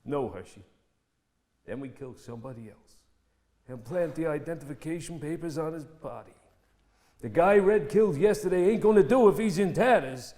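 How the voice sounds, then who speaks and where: An actor playing a scheming crime boss who gives cold, clipped orders in a stage play reading. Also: male voice, fairly high pitch, lively intonation, moderate pace, mellow, lightly acted. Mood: menacing. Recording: reverberant theatre recording.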